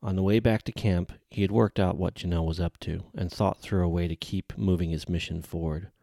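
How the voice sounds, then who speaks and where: A man reading a novel aloud in measured, even audiobook narration. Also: deep voice, creaky, no room sound, clean studio sound.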